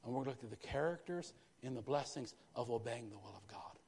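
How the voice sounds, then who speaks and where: A man preaching a sermon in a church, lively, with frequent asides to the congregation. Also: medium pitch, fast, creaky, breathy edge. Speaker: pastor. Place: church sanctuary. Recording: long hall reverb.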